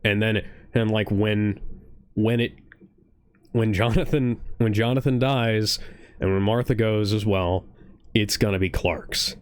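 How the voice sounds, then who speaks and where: This Ohio man's voice sits on the low side, steady, clear, and resonant, and he speaks unhurriedly in a dry recording. Co-hosting a casual reaction podcast at home, he rambles earnestly and keeps restarting.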